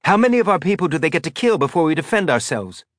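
A man's voice: a little high, lively intonation, moderate pace, a bit bright, dry recording, studio quality, voice pushed up. A male audiobook narrator voicing a fierce, angry young woman who spits her words with bitter sarcasm. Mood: furious.

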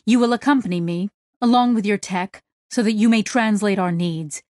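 A woman voicing a stern alien captain who speaks in a formal, measured, menacing way. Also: medium pitch, darkish tone, no room sound, clean studio sound, lightly acted.

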